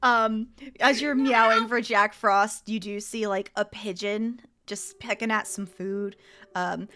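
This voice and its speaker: A woman's voice: medium pitch, fairly even intonation, slow, bright, forceful tone. A woman narrating as game master of a tabletop game, casual and giggly, with lots of fillers.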